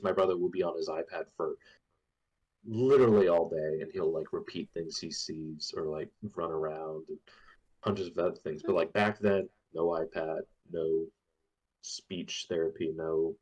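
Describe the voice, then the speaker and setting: A man with a rather low voice talks through a casual book-discussion podcast as a co-host. He rambles, trails off into fillers and laughs often. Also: steady tone, measured pace, a little mellow, rough recording.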